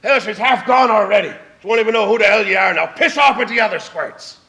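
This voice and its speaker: A man playing a gruff older great-uncle who shouts coarsely at a child, as part of a stage monologue. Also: high-pitched, fast, pitched above the performer's own voice. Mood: angry. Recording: stage sound from a distance.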